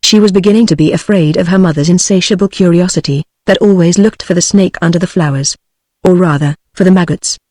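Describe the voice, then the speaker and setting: A text-to-speech woman's voice with a British English accent, reading a novel aloud in a steady, even audiobook style. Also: fairly low pitch, no echo. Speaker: audiobook narrator. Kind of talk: synthetic audiobook narration.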